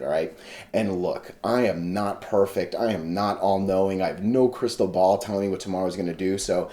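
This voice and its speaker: Male host, low-set mellow voice, blunt conversational delivery. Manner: frank, emphatic, peppered with "all right?" and "right?". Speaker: stock chart analysis host. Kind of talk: casual talk to camera.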